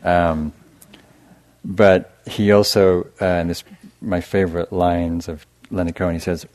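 A middle-aged man giving a gentle dharma talk as a meditation teacher, soft-spoken and hesitant, with fillers and restarts. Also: deep voice, flat delivery, a little slow. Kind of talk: dharma talk to a live audience.

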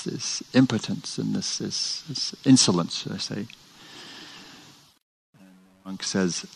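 Low-voiced man giving a dharma talk. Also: vocal fry, low-quality recording. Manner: animated storytelling, with restarts. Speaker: meditation teacher. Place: meditation center hall.

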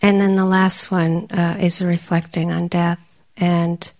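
A woman teaching meditation in a dharma talk, telling stories with animated energy, often laughing and sometimes dropping to a soft near-whisper. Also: on the low side, takes it slowly.

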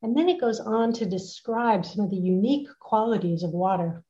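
A woman leading a retreat talk from home, speaking gently and unhurriedly with soft laughs. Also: mid-range voice, moderate pace, muffled recording. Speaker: meditation retreat teacher. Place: at home with a dog nearby.

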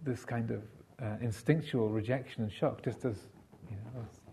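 A man giving a Buddhist dharma talk, telling a story in a halting way with many fillers and restarts. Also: mid-range voice, fairly even intonation, warm tone, a little hiss or hum. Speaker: Buddhist monk teacher.

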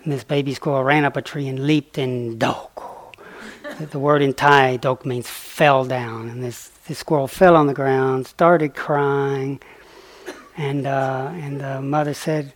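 A man giving a dharma talk, telling a story in a soft-spoken way that often drops quiet and breaks into chuckles. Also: a little high, measured pace. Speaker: meditation teacher.

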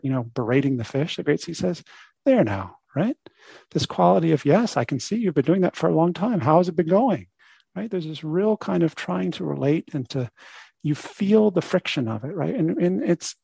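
A man's voice: on the high side, vocal fry, darkish tone, slightly rough, dry recording. A man teaching a meditation talk in a conversational way, often checking in with "right?". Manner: conversational, frequent "right?" asides. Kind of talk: dharma talk.

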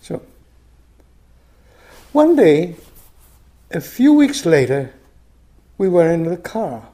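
An older man giving a meditation teacher's dharma talk. He reads a story aloud in a soft, unhurried way, and his phrase ends drop to a whisper. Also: a little high, sing-song.

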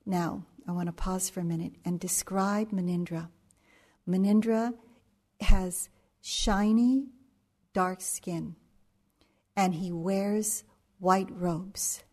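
A middle-aged woman who teaches meditation shares an anecdote in a dharma talk, taking her time and often pausing or using fillers. Her voice sits on the low side with a darkish tone.

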